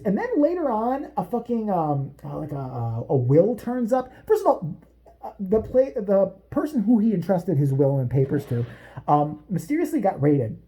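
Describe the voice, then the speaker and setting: A woman vlogger delivering a profane, sarcastic comedic rant, jumping from topic to topic. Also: mid-range voice. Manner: foul-mouthed, animated, sarcastic, jumps between topics.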